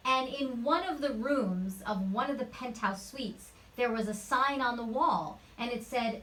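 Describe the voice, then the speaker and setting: Actress guest, woman, higher-pitched, animated storyteller, mic a little far off. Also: unhurried, hardly any pauses. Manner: lively, chatty anecdotal storytelling. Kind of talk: interview storytelling. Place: home studio.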